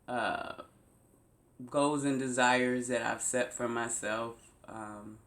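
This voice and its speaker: A woman vlogger telling a personal story to her viewers, slow and emphatic, repeating phrases for weight. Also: a bass voice, fairly bright tone, reverberant. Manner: slow, repetitive, emphatic retelling. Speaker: YouTube vlogger.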